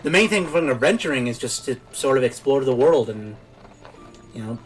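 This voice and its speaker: A man's voice: medium pitch, animated, normal speed, soft background music. A young man streaming a game, giving easygoing casual commentary and laughing often.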